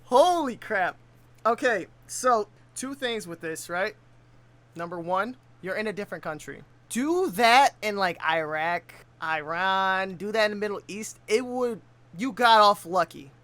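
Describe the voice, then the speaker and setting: A man's voice: high-pitched, expressive, a little slow, bright, forceful tone. A man giving casual reaction commentary on a video, full of laid-back slang.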